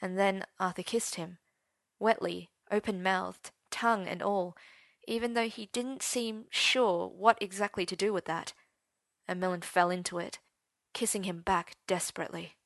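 Female story narrator, intimate dramatic reading, dry close recording, mid pitch. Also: steady tone, moderate pace, creaky, dry recording. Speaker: story reader.

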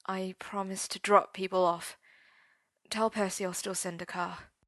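A woman voicing an eager, insistent young man who speaks low and slowly, in a read-aloud story. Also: flat delivery, a bit bright, dry recording. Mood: subdued.

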